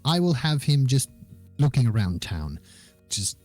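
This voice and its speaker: A man's voice: mid-range voice, sing-song, normal speed, a little mellow, faint music behind. A man narrating as game master of a tabletop game, chatty and playful with many fillers.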